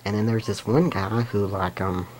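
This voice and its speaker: A man's voice: on the low side, fairly even intonation, normal speed, slight background noise, rough recording. A man on his own video channel, recapping cartoon episodes in a rambling, unscripted way, restarting sentences and giggling. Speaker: YouTube episode reviewer.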